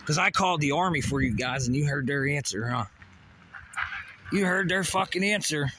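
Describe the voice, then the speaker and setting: A man's voice: fairly high pitch, moderate pace, noisy background. A man ranting to camera in a heated way, swearing often and firing off rhetorical questions. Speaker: vlogger. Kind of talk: profane conspiracy rant to camera.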